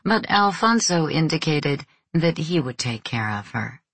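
A woman reading a novel aloud as an audiobook narrator, in a measured, even storytelling manner. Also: low-pitched, husky, no room sound.

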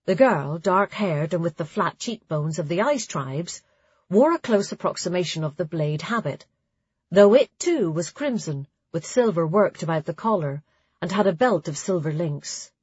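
A woman narrating a story in a measured, even way, with a breathy voice. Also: lowish voice, dry recording, lo-fi sound. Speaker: audiobook narrator. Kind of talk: scripted narration.

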